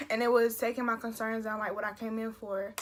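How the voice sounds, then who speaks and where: A woman's voice: a little high, little pitch movement, a little fast, heavy background noise. A young woman vlogging casually, retelling an emotional story with lots of fillers and restarts. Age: young adult.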